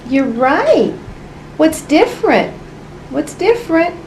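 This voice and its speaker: A woman trains a parrot, speaking loudly in an exaggerated, coaxing way. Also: high-pitched, sing-song, takes it slowly, slight background noise, rough recording.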